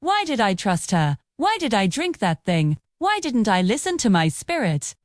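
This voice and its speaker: A woman's voice: medium pitch, sing-song, normal speed, no room sound, clean studio sound, close to an everyday voice. A woman voicing a heartbroken young village woman who blames herself, in a storybook tale. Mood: sad. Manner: soft, self-blaming.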